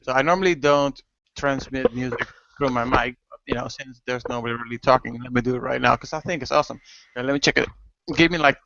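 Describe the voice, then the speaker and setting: A man's voice: medium pitch, fast, creaky, fairly bright tone. A man in casual group chat on a video call, talking in a rambling way and swearing. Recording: muffled lo-fi call audio.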